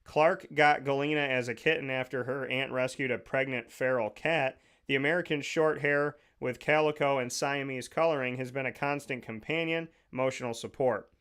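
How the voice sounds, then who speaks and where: A man's voice: medium pitch, steady tone, moderate pace, few pauses, a bit bright, clear, resonant tone. Male show host, casual monologue, digressive and jokey, mid-range voice, studio mic. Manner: rambling, digressive, jokey storytelling. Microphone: studio microphone.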